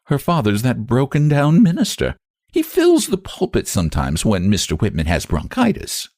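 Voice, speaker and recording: A nosy, scornful woman, played by a male narrator, firing off sharp, peremptory questions in a voice pushed well above his own deep range. The delivery climbs and falls a lot. The sound is close and dry, like a storybook reading. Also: huge pitch swings, moderate pace, vocal fry, breathy edge, no echo, exaggerated voice.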